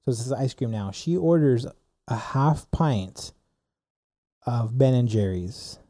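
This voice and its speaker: A man's voice: mid-range voice, slow, dry recording. A young man casually telling a rambling story on a podcast, full of "like" and "dude". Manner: rambling, animated storyteller with many "like"s. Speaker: podcast co-host.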